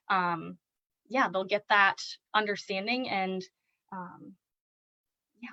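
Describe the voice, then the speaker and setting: A young woman speech therapist with a fairly high voice explains early literacy to parents in a chatty, unscripted way, full of "um"s. Her demonstrations of reading to a child turn bright and playful. The recording is dry and a little muffled. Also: dry recording. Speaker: speech-language pathologist.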